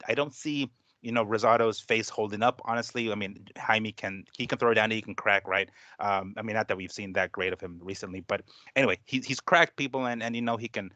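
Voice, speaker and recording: A man's voice: on the low side, fairly bright tone, no echo, muffled recording. A man on a boxing podcast panel, rambling and swearing freely with lots of fillers. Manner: rambling, profane, full of fillers. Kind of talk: casual boxing talk.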